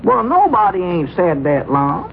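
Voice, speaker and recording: An actor playing an excitable, teasing country storekeeper with a drawl, in 1940s radio comedy. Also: male voice, measured pace, creaky, a little hiss or hum, heavily acted. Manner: excitable, teasing, jumps up in pitch. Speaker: general store keeper. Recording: muffled old radio broadcast recording.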